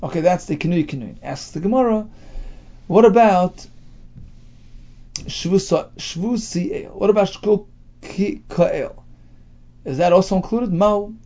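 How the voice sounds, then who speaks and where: A man's voice: high-pitched, takes it slowly, long pauses, warm tone. A man teaching a daily Talmud class, reading phrases of the text and explaining them in casual English as he asks and answers his own questions. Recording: dull lo-fi class recording.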